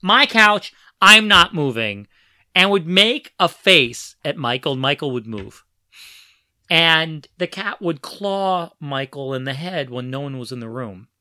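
A man recalls his child's early years in a relaxed chat. He talks in a bright, forward tone with big swings in pitch and acts out the voices he quotes. The recording is dry and close, with no room sound. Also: unhurried, dry recording. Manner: animated, acts out quoted voices, frequent restarts. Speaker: parent telling family stories. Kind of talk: casual storytelling conversation.

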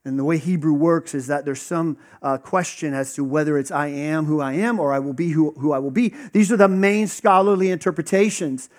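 A man's voice: fairly high pitch, fairly quick, few pauses, a little mellow. A man preaching a conversational sermon, teaching casually with lots of fillers and acted-out dialogue.

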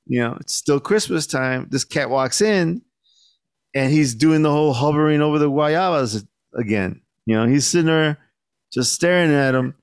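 A young man on a podcast telling a story in casual chat, laid-back and swearing a lot, acting out the shouted lines he quotes. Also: a little high, normal speed, smooth, no room sound, studio quality. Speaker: podcast co-host.

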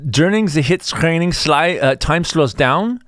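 A man's voice: fairly high pitch, expressive, unhurried, a bit bright, no echo, clean studio sound, pitched above the performer's own voice. A man putting on the voice of an elderly, pompous male physicist, delivered mock-solemnly in a comedic monologue. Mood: mock-grave. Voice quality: mock-solemn put-on accent.

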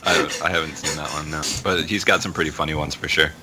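A man's voice: a bass voice, fairly even intonation, fast, noisy background. A man co-hosting a podcast in casual chat, mostly giving short agreeing replies.

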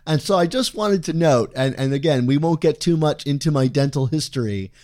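Man, podcast co-host, fairly high pitch, casual playful chat, slightly heavy S sounds. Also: animated, brisk, darkish tone. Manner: playful, wordy, self-deprecating.

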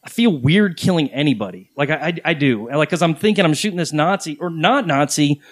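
A man's voice: a little high, expressive, brisk, no echo. Rambling candid man, dry sound. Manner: rambling, candid storyteller with swearing. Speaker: podcast host. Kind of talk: casual podcast chat.

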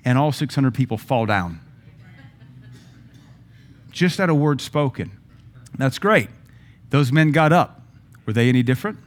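Man preaching in a lively conversational way. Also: medium pitch. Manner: conversational preaching with emphatic rises and self-deprecating asides. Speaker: pastor. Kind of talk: sermon. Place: church sanctuary.

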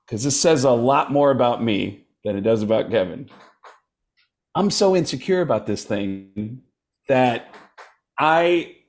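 Animated storytelling comedian, man. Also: mid-range voice. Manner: animated, slips into impressions of others. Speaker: comedian guest. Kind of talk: casual storytelling.

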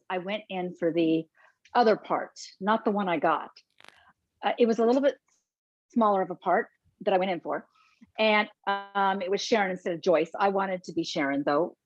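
A woman actress being interviewed, telling lively anecdotes and acting out what others said. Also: medium pitch, no echo, highs cut off. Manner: animated, acts out quotes of others. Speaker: actress and guest. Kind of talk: casual anecdotal storytelling.

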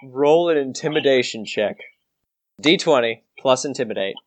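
A man's voice: mid-range voice, lively intonation, normal speed. A man narrating a tabletop game as game master, rambling and hesitant with many restarts.

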